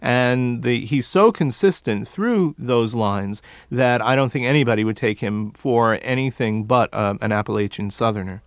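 A man's voice: mid-range voice, normal speed, few pauses, dry recording, clean studio sound. Man explaining as a dialect coach. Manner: explanatory, detailed. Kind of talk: interview answers.

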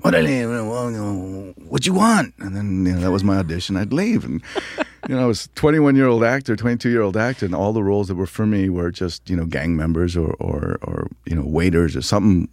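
A very deep-voiced man tells lively stories as an interview guest, his pitch swinging widely. He laughs easily and acts out what others said, on a dry studio mic. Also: quick pace, no room sound. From United States. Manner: animated, laughing, acts out quotes. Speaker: actor, guest. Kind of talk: casual interview storytelling.

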